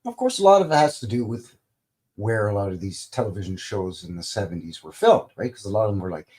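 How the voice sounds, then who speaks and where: A man's voice: fairly low pitch, lively intonation, fast talker, dark tone. A middle-aged man from Canada hosting a live stream, chatting casually in a rambling, folksy way. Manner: rambling and folksy, many fillers and restarts.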